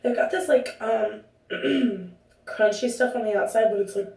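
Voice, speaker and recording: A woman's voice: on the high side, a little slow, creaky, a little mellow. Chatty young woman in an echoey room. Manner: rambling, chatty, self-interrupting. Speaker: vlogger. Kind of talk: casual chat to camera. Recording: roomy echo, distant from the mic.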